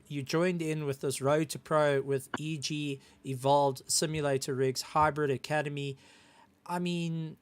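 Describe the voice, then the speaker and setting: A man with a South African accent hosting a sim racing broadcast, interviewing drivers after a race and building up excitement. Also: on the high side. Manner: hyped, building up excitement when introducing the winner.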